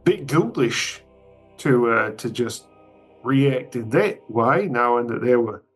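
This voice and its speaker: A man's voice: mid-range voice, animated, takes it slowly, breathy edge, soft background music. A man playing in a tabletop game, speaking in a hesitant, musing way. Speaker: player. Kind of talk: casual play talk.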